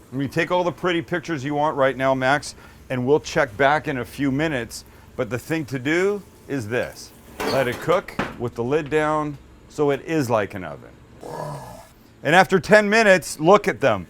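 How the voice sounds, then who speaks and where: A man's voice: a little high, fairly bright tone, a little hiss or hum. Chatty man hosting a cooking show. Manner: chatty, joking, teases his crew. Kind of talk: casual cooking demonstration.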